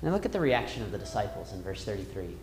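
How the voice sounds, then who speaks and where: A man teaching a Bible class, reading verses aloud and retelling the story with wide swings in loudness. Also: on the low side, sing-song, quick pace, a little hiss or hum. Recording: echoey room.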